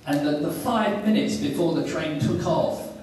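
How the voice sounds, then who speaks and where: A man's voice: on the high side, moderate pace. A man telling rambling stand-up stories and bantering with a convention audience. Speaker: stand-up guest at a fan convention. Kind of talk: stand-up comedy storytelling. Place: large convention hall, from far off. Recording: echoey hall from far off, noisy.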